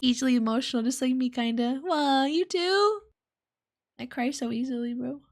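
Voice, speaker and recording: A woman streamer chatting casually while playing a game, giggling and squealing when excited. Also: sits high, normal speed. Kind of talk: casual gameplay chat.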